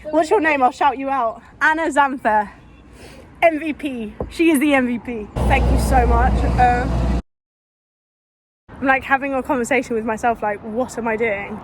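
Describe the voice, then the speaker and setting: A woman's voice: sits high, noisy background. A woman vlogging while running on a street, out of breath with a dry mouth, talking into a phone she holds, rambling and earnest. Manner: rambling, earnest, restarts often. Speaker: fitness vlogger. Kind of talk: casual vlog while running. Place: outdoors on a street. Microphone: phone held in hand.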